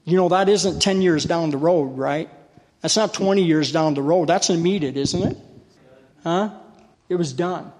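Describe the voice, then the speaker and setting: A man preaches with folksy, storytelling warmth, pushing his congregation to answer back. His voice sits a touch high and rings out in a long, reverberant hall. He swells into shouting bursts when the spirit moves him. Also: normal speed. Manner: gets loud when fired up. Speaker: lay preacher. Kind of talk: sermon.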